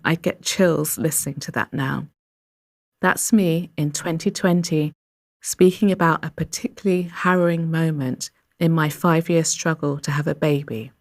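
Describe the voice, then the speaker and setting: A woman in her forties hosting a podcast, speaking softly and reflectively, with many "you know"s as she shares a personal story. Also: low-pitched. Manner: soft-spoken and reflective, with frequent fillers. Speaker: podcast host.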